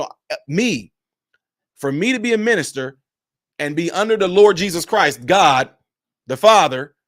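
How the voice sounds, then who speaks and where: A minister livestreams commentary in a preachy, emphatic, repetitive cadence. His voice sits high, and the recording is dry and studio clean.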